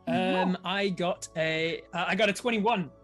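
A man runs a tabletop game as game master, with a voice a touch high and an easy, animated delivery. He laughs often between the rolls. Faint music plays behind him. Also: a little slow.

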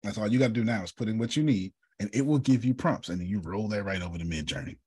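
A man's voice: on the low side, fast talker, a little mellow, slightly rough, no echo. A man hosting an online workshop in a casual, joking teaching style, often repeating himself for emphasis, heard over a video call.

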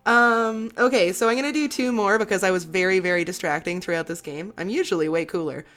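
A woman's voice: medium pitch, fast talker, fairly bright tone. A woman hosting a podcast in casual chat, self-mocking and laughing often. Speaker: podcast host.

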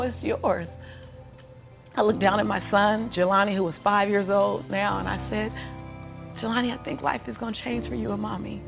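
A woman speaks as a motivational storyteller and builds her points through emphatic repetition, like a preacher. Her voice is gravelly and sits at a middle pitch. The audio is thin and phone-like, with soft music underneath. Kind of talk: personal storytelling in conversation.

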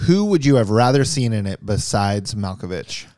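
A man's voice: lowish voice, big pitch swings, moderate pace, darkish tone, no echo, studio quality. A man hosting a casual movie podcast, reading out fun facts and laughing often as he leads the talk. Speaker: podcast host.

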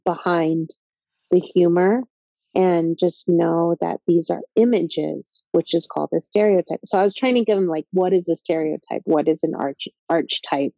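Mellow-voiced Mohawk woman telling a story. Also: lowish voice, no echo. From Mohawk Nation, North America. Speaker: guest. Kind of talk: personal storytelling in a podcast conversation. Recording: slightly dull lo-fi sound.

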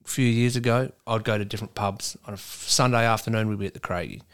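A man's voice: on the low side, fast, clean tone. An Australian man, a racing driver, telling sweary stories in a casual chat. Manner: sweary, storytelling, animated.

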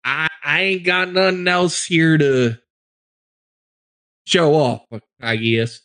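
A man's voice: on the high side, fairly even intonation, slow, bright, forceful tone, pitched above the performer's own voice. A man voicing a folksy male forest gnome adventurer with a rambling drawl in a tabletop role-play. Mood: earnest.

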